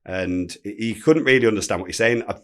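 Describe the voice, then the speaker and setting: A man, telling a story as a podcast guest, animated and swearing freely. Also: fairly low pitch, quick pace. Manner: animated anecdote-telling, swears freely, acts out quoted speech. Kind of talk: casual storytelling.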